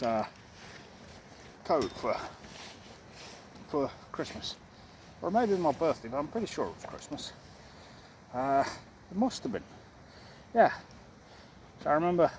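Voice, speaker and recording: Out-of-breath man walking uphill outdoors. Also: mid-range voice. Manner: reflective, halting, candid. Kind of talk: candid personal vlog while walking. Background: loud outdoor noise.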